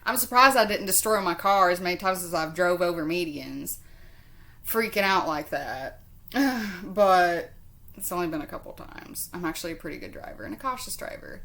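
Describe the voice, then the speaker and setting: Rambling, chatty woman telling a story. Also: lowish voice. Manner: rambling, goes off on tangents, swears often; chatty and expressive, laughs often. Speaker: vlogger. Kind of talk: casual storytelling to camera.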